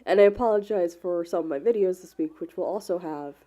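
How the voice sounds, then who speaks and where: A woman's voice: lowish voice, brisk, dark tone. A woman with a cold, sounding congested and sniffly, hosting casual gameplay commentary in an apologetic, rambling way with many fillers. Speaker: gaming channel host.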